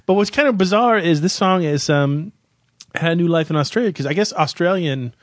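A man's voice: a little high, expressive, a little fast, dry recording. A man co-hosting a comedic music countdown, tossing out dry, sarcastic one-liners. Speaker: co-host.

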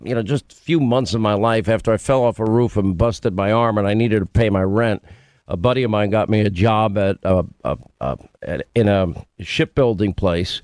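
A man's voice: fairly low pitch, moderate pace, a little mellow, no room sound, clean studio sound. A middle-aged man hosting a radio talk show, telling stories casually and breaking in with questions. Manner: conversational storytelling, interrupting with questions.

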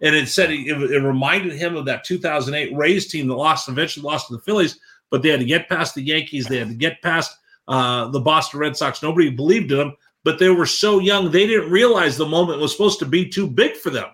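A man's voice: fairly high pitch, brisk, a bit bright. A man, a sports broadcaster co-hosting, telling a story in casual conversational talk.

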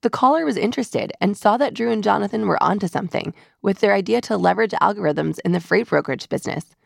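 A woman narrates a business podcast in a measured, scripted way. Her voice carries a heavy creak and sounds dry and close to the mic. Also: medium pitch, expressive, no echo. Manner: measured, polished delivery.

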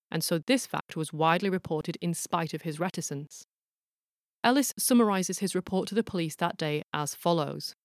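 A woman's voice: fairly low pitch, no room sound, studio quality. A woman hosting a podcast, reading a scripted narration in a playful, explanatory way and sounding out examples aloud. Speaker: podcast host.

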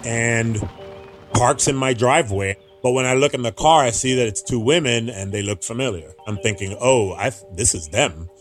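A man telling his own story in an interview, earnest and halting, often restarting his sentences. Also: mid-range voice, faint music behind. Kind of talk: personal account in an interview.

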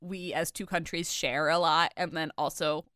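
A woman co-hosting a podcast, chatting casually in an animated, gushing way, full of filler words. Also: low voice, normal speed, no echo, studio quality. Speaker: podcast co-host. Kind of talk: casual chat.

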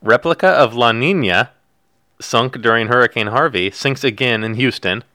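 A man's voice: medium pitch, normal speed, bright, forceful tone, no room sound, clean studio sound. A man co-hosting a podcast, reading news headlines aloud and adding wry, jokey asides in casual chat. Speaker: podcast co-host.

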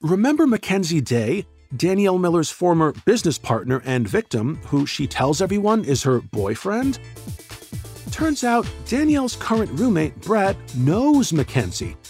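Male podcast host, wry scripted narration, animated delivery, light music under him. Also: high voice, normal speed.

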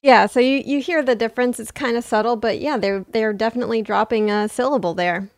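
A high-voiced woman co-hosting a loose, jokey chat, laughing through her lines. The sound is dry and close, with no room around her. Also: fairly quick, no echo. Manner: giggly, jokey, reads quotes aloud. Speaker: podcast co-host. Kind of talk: casual comedic chat.

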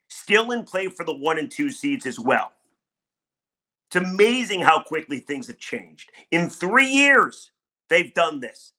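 A man's voice: on the high side, pushed and bright. A middle-aged man hosting a solo sports talk podcast, candid, conversational and emphatic. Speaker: sports radio podcast host.

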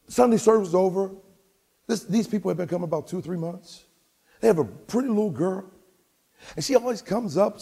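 A man pastor preaching a sermon to his congregation, telling humorous stories and shouting for emphasis. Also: fairly high pitch, husky. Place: church sanctuary with congregation. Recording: long church reverb.

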